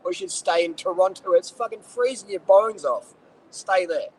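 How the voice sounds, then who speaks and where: A high-voiced man fires off blunt, swearing answers to viewer questions. He rants with plenty of profanity, and faint background noise sits behind him. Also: lively intonation, normal speed, a little mellow, rough recording. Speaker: cycling vlogger.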